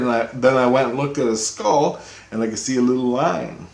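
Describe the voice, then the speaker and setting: A man casually retelling a personal story, rambling and profane, getting excited when he quotes people. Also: medium pitch, brisk, creaky, roomy sound. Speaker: storyteller recounting a personal experience.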